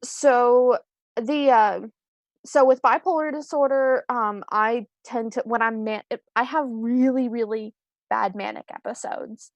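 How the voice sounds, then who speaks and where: A woman's voice: on the high side, fairly even intonation, unhurried, dry recording. A young woman on a video call, chatting casually as a screenwriter guest, rambling and self-deprecating with many ums and restarts. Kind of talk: casual live-stream interview.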